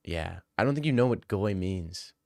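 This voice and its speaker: A man's voice: sits low, lively intonation, moderate pace, creaky, dark tone, no echo, clean studio sound. Slangy young man hosting a livestream. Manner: slangy, joking, reads chat questions aloud then riffs. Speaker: livestream host answering chat. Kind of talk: casual livestream chat.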